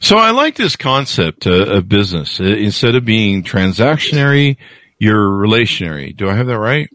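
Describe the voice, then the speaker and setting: A man's voice: fairly low pitch, big pitch swings, moderate pace, fairly bright tone, no room sound. A man hosting an interview show who introduces his guest and trades self-deprecating jokes. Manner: jokey, self-deprecating banter. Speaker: show host. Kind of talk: casual interview conversation.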